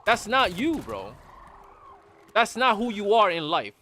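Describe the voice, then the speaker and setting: Animated blunt male gaming streamer. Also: high-pitched, a little slow. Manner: blunt, animated, repeats phrases. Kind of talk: casual opinion talk while gaming.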